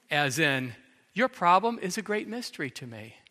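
Middle-aged man, pastor; sermon, dramatic storyteller who acts out quotes; slightly higher voice; reverberant church hall. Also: sing-song, moderate pace, sharp tone.

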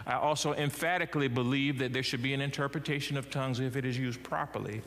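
A middle-aged man preaching a sermon as pastor, swinging his pitch and loudness widely as he talks. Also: fairly even intonation, fast. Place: church sanctuary. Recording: church hall with long reverb.

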